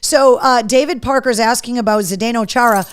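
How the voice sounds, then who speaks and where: A woman's voice: a little high, moderate pace, clean tone, no echo, studio quality. Chatty woman hosting live. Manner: chatty, reads viewer comments aloud. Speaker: host. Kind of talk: casual live-stream chat.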